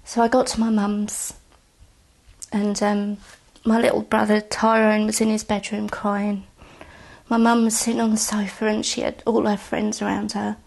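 Woman, husky, gravelly, halting, near-whispered, tearful testimony. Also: mid-range voice, level tone, a little mellow. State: emotional, close to tears. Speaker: bereaved sister giving testimony. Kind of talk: recounted personal testimony.

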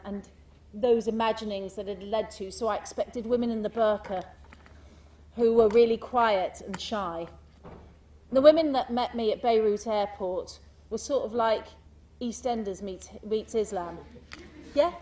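A woman giving a speech to an audience, animated and full of rhetorical questions, mimicking the people in her stories. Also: mid-range voice, distant mic. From United Kingdom. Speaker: speaker giving a talk.

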